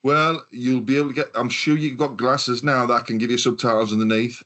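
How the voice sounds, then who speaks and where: A man's voice: mid-range voice, fairly even intonation, brisk, a bit bright. A man from the UK hosting a casual podcast chat, telling stories in a rambling way and swearing often. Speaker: podcast host.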